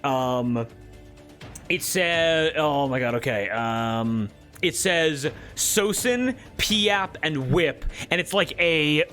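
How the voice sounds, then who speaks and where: Man game master, bright tone, slightly high, faint music underneath; halting, filler-heavy narration. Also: lively intonation. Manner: hesitant, many fillers and restarts.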